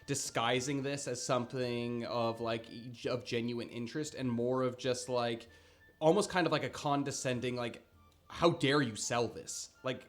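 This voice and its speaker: A man's voice: mid-range voice, steady tone, moderate pace, faint music behind. Casual man narrating as game master. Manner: casual, filler-heavy narration.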